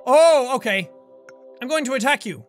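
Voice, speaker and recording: High, excitable young gaming host. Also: male voice, normal speed, faint music behind. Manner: excitable, loud, swears, reads game text aloud. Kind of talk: let's play commentary.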